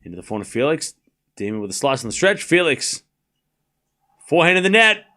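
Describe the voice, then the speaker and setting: Very animated, fast and bright, this young man's high-leaning voice carries a forceful tone. He hosts a live tennis watchalong in a casual style, announcing scores and reading chat while feigning anger for laughs.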